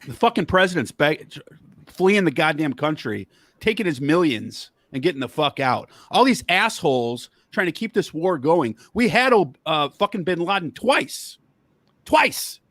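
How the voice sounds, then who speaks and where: A man's voice: on the high side, big pitch swings, normal speed, fairly bright tone, no echo. A man hosting a podcast, angrily ranting about politics and swearing heavily. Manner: angry, heavy swearing, worked up. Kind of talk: profane political rant.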